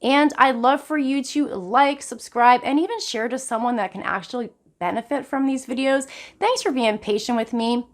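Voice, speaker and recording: Earnest middle-aged woman, higher voice. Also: normal speed. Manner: earnest and personal, addressing viewers directly; frequent sudden jumps in pitch for emphasis. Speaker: vlogger. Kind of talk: casual talk to camera.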